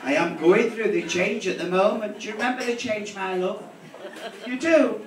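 A man's voice: sits high, moderate pace, slight background noise. A man doing crude, brassy drag stand-up comedy, teasing the audience as his stage persona. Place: live theatre stage. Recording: echoey hall from far off with crowd. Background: audience laughter.

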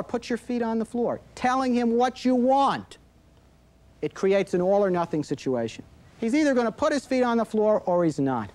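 Lively, high-voiced man explaining to parents. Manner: explanatory, acts out parent and child quotes. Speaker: child behavior expert. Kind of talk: instructional talk to parents. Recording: 1980s videotape recording.

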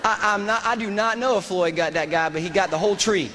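A man from the United States tells a story to a fundraiser crowd in a lively, animated way and acts out the dialogue. His voice sits high for a man. It carries a long reverb from a large hall over a faint background hum. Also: fast. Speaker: guest speaker, former soldier. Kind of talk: storytelling speech.

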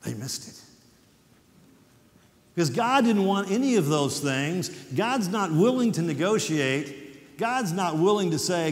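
A middle-aged man giving a chapel sermon, earnest and conversational, reading scripture with dramatic pauses. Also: high-pitched, expressive. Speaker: university president speaking at chapel. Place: large hall. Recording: echoey hall, distant at times.

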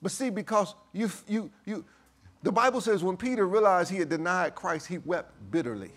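A male preacher reads scripture during a sermon with measured timing, shifting from quiet, deep passages to loud, high-pitched bursts. A faint hiss or hum sits in the background.

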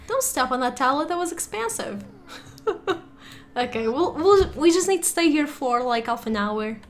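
Giggly high-voiced woman gaming. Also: a bit bright, a little hiss or hum. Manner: giggly, chatty, frequently laughing. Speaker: gaming channel host. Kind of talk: casual let's play commentary. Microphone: desktop USB microphone.

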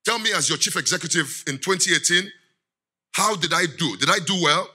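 Animated man preaching, bright voice. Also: on the high side, brisk, breathy edge. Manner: animated, laughs often, quizzes the congregation. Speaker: guest speaker. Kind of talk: lively sermon.

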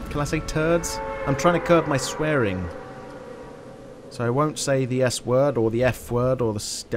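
A man doing jokey game commentary, talking to himself with sudden excited yelps. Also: mid-range voice. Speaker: gaming channel host.

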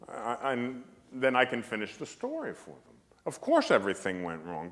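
A priest lectures an audience in an emphatic, storytelling way, his pitch swinging up and down as he drives points home. A dry humor runs through his delivery. His voice carries a long reverb from a large hall. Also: wildly swooping pitch, moderate pace, fairly bright tone.

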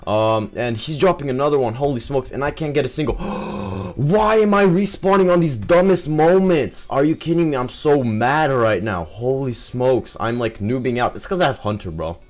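Excitable young man commenting on gameplay. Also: medium pitch, moderate pace, few pauses. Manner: excitable, frequent exclamations and fillers.

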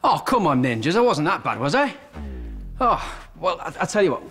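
A man presenting a kids' TV show in an excitable, jokey, self-mocking way. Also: a little high, normal speed, soft background music.

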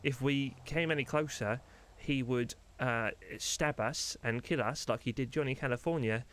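A man's voice: medium pitch, normal speed, a bit bright. A man playing a bumbling detective who stammers and rambles, sometimes faking a silly Italian pizza-man voice. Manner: stammering, rambling, jokey mock-Italian words. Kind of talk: roleplay in a game.

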